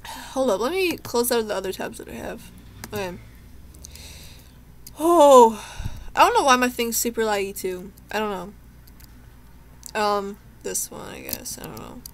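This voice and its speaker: This gameplay streamer is a young woman talking to herself through a let's play, chatty and emotional, tearful and shaken. Her voice sits in the mid-range, gravelly yet fairly bright, animated at a normal speed, with a little hiss or hum in the audio.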